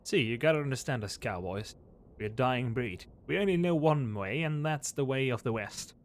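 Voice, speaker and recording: A man's voice: mid-range voice, animated, normal speed, natural voice. A man voicing a weary old cowboy who talks in a folksy drawl, reading game dialogue aloud.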